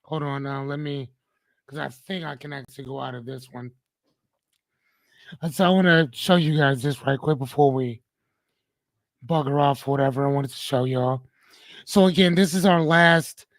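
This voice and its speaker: A man hosts a live coaching stream. He reads viewer comments and riffs on them in an animated, slangy, joking way. His voice sits a little high, and the sound is dry and close to the mic. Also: normal speed, pauses often, dry recording. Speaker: host and coach.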